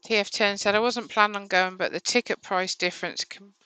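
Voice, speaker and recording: A woman's voice: medium pitch, fairly even intonation, a little fast, sharp tone, smooth, low-quality recording. A woman co-hosting a live stream, reading out viewers' comments and teasing her partner. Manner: teasing, reads messages aloud. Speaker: co-host reading out chat comments. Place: home workshop.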